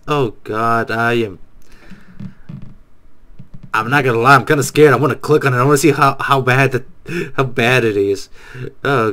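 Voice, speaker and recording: A man hosting a casual reaction video, excitable and exclamatory, often laughing. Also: medium pitch.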